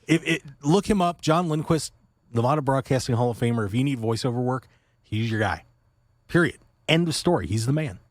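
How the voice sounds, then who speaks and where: Sarcastic, animated radio host man. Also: medium pitch, brisk, no room sound. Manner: sarcastic, joking, lively. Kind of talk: casual wrestling radio chat. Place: radio studio booth. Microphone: studio microphone.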